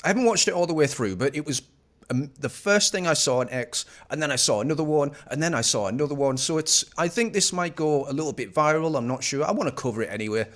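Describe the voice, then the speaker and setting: A man talking over a news clip in casual commentary, sarcastic and mocking throughout. His voice sits a little high and moves a lot. The delivery is lively. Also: fast talker.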